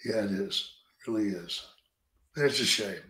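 A man's voice: fairly low pitch, unhurried, pushed and bright. A man hosting a podcast in a casual interview, talking bluntly and swearing freely with strong opinions. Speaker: podcast host. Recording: roomy echo.

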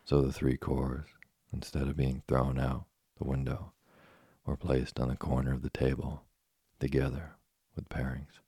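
A man narrating a classic tale as a bedtime story, in a steady, soothing manner. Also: a bass voice, a little slow, no room sound, clean studio sound. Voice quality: gravelly, husky. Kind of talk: slow bedtime story reading.

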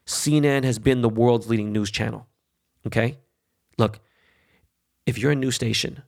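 A man rants on his podcast in an angry, blunt monologue, swearing constantly and checking in with "right?" and "okay?". His voice sits in a middle pitch with a rough, gravelly fry running through it. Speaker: podcast host. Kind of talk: profane political rant.

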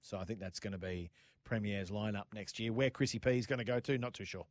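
An Australian man co-hosting a motorsport radio show from a studio, joking, laughing often and telling quick anecdotes. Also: fairly low pitch, steady tone, dry recording. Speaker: radio co-host. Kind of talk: casual motorsport banter.

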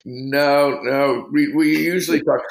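A middle-aged man with a gravelly edge, spinning loose fishing stories in a relaxed interview. He wanders through his anecdotes, peppering them with "you know", and the room around him rings with echo. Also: fairly high pitch, slow pace. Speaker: fishing guide. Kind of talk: casual storytelling interview.

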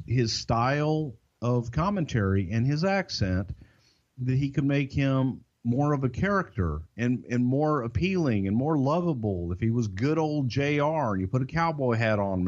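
An older man with a Southern American accent, co-hosting a podcast and telling behind-the-scenes stories in a folksy, drawn-out way. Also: mid-range voice, muffled recording. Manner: folksy, drawn-out, swears casually. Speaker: podcast co-host. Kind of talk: casual storytelling.

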